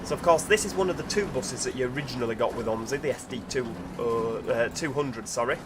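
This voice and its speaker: A man's voice: medium pitch, fast, background noise. A man, chatting casually while he streams a game and greets viewers. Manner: chatty, reads out chat messages while driving. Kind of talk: casual livestream commentary.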